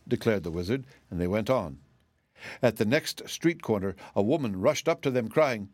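A man narrates a storybook in a steady, expressive way, his pitch moving lively through each sentence. The recording is close and dry with no room sound. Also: normal speed, no room sound. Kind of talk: storybook audiobook reading.

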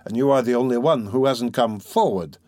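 A man's voice: medium pitch, fairly quick, no room sound, clean studio sound, close to an everyday voice. A man reading a cold, ironic magistrate. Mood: cool. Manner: calm, cold, quietly ironic. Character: cool, ironic middle-aged male magistrate.

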